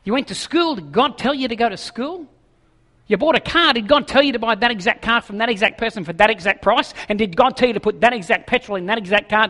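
A man preaching a sermon in a lively, jokey way, acting out voices as he goes. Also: sits high, long reverb tail. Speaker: pastor.

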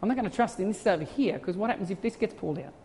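A pastor preaching a sermon in an animated way, full of rhetorical questions and acted-out quotes. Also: mid-range voice, racing, slight background noise. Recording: reverberant church hall sound.

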